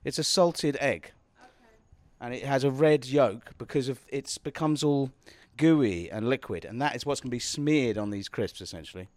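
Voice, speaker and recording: Recorded dry, this mid-range, somewhat mellow male voice moves at normal speed. He's a podcast host from Britain, speaking British English in a casual house-party chat, rambling and frequently breaking off mid-sentence.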